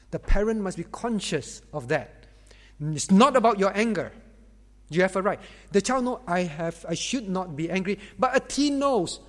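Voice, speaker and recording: Male pastor, high voice, sermon, animated, acts out quotes, echoing hall. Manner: animated, acts out quoted parents and teens, addresses listeners by name. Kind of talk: sermon to parents. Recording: long reverb of a hall.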